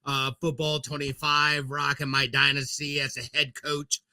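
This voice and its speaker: A man's voice: a little high, completely flat delivery, measured pace, bright, forceful tone. A man co-hosting a gaming podcast, chatting casually and rambling with lots of fillers. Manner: rambling, laughs easily. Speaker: podcast co-host. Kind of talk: casual chat.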